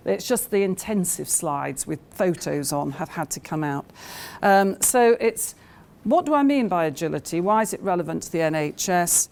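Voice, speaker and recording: Low-voiced woman giving a talk. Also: animated, normal speed, gravelly, darkish tone. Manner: anecdotal, hesitant with many fillers. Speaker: conference speaker. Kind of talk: conference talk.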